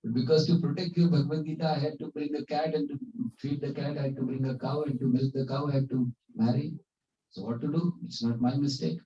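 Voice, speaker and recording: A man voicing a flustered male disciple who makes excuses fast in a raised voice, heard in an echoey hall from a distant, dull mic. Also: medium pitch, animated, mellow, close to an everyday voice. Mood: pleading.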